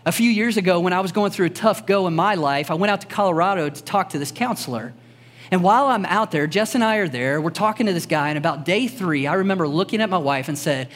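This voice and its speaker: Pastor, male, high animated delivery, earnest and personal, church sermon. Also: brisk, in a large hall. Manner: earnest, personal storytelling with emphatic repetition. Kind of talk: conversational sermon. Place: church service before a congregation.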